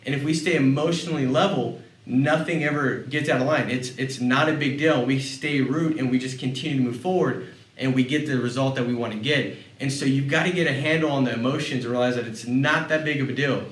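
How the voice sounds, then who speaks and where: A man giving a motivational sales talk, telling personal stories in a lively way and often repeating words as he goes. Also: mid-range voice, a little fast. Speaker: sales leader speaking on a panel. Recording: roomy sound, mic at a distance.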